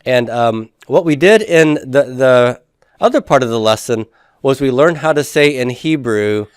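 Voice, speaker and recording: A man's voice: mid-range voice, expressive, a little slow, clear, resonant tone, dry recording, studio quality. A man teaching a Hebrew grammar class, patiently asking students questions and confirming their answers.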